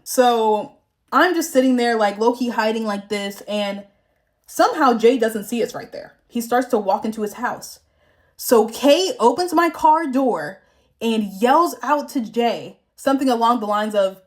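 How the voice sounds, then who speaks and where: A young woman with a slightly high voice tells a story while getting ready, chatty and animated. She speaks frankly and swears freely, in the easy manner of a casual vlog. She grew up in the American South. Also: normal speed. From Southern United States. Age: young adult. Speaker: vlogger.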